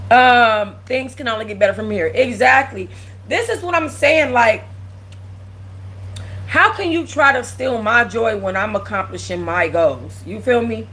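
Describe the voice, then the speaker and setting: A woman's voice: fairly high pitch, a bit bright, low-quality recording. Blunt, emotional woman streamer. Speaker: channel host. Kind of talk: casual livestream chat.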